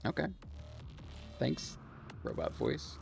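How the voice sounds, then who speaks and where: A male streamer giving casual gameplay commentary in a gravelly voice. He talks slowly but with a lively, swinging pitch, laughing often and swearing casually. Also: over music.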